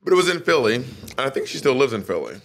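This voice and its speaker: Male podcast co-host, bright forceful tone, playful teasing banter, storyteller. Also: medium pitch, sing-song. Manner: teasing, storytelling, drawn-out phrasing. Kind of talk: casual banter.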